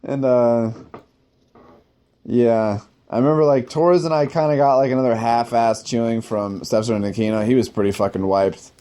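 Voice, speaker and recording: A man's voice: medium pitch, steady tone, brisk, hardly any pauses, mellow. A man telling a long, rambling personal story in casual, profane speech, full of "like," now and then laughing at himself. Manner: rambling, profane, heavy use of "like". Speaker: podcast host telling war stories.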